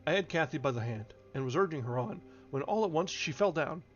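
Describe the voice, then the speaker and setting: A man reading a classic novel aloud on a livestream, expressive but with occasional slips and restarts. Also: on the high side, a little fast. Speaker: audiobook reader. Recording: dull lo-fi recording with faint music.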